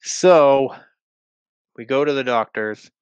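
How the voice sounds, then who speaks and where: A man's voice: mid-range voice, takes it slowly, clear, resonant tone, dry recording, dull audio. A young man telling a personal story in casual podcast chat, rambling with lots of fillers and the odd swear word. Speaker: guest.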